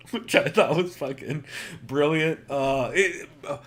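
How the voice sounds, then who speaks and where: A man's voice: fairly high pitch, very animated, slow pace, fairly bright tone. A man hosting a casual podcast, talking loosely with lots of fillers and swearing. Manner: loose and profane, many fillers. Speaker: podcast host.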